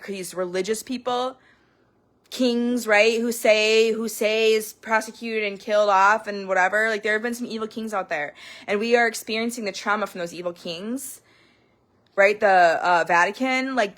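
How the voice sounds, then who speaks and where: A woman in her thirties hosting a podcast, telling stories in a rambling, profane, animated monologue. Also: mid-range voice. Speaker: podcast host. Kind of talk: casual monologue.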